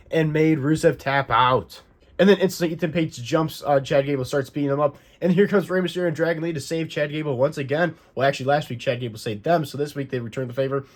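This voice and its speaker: A man hosting a casual wrestling recap, rambling through the action and correcting himself as he goes. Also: medium pitch. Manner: rambling, self-correcting play-by-play. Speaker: wrestling recap channel host.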